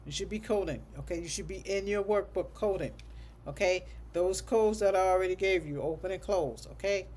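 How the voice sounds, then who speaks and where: A medical coding instructor leads a livestreamed class in a relaxed, conversational way, with a voice of middling pitch. Sentences keep ending in a checking "okay?", and code numbers are read out slowly and repeated, with the odd aside thought aloud. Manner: conversational, thinks aloud while teaching.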